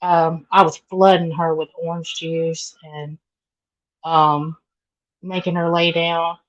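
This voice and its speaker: A woman's voice: on the low side, little pitch movement, takes it slowly, dull audio. A middle-aged woman with a Southern accent, chatting casually with live viewers and greeting them by name. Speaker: vlogger.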